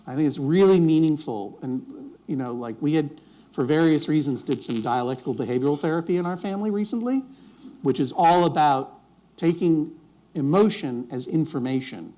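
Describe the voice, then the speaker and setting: A man's voice: fairly high pitch, normal speed, warm tone. A man speaking on stage before a live audience, wry and rambling, often restarting his sentences. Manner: rambling, self-interrupting, wry jokes.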